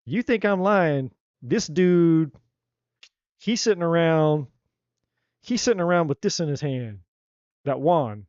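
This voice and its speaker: A man giving a live tarot reading in a blunt, animated, slangy way. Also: fairly high pitch, slow pace, long pauses, dry recording, lo-fi sound. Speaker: tarot reader.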